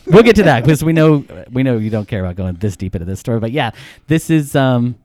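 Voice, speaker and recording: Brief: male podcast guest, lively comic storyteller, dry close sound. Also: mid-range voice, fast, no echo. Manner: animated, jokey, acts out quotes. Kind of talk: casual storytelling.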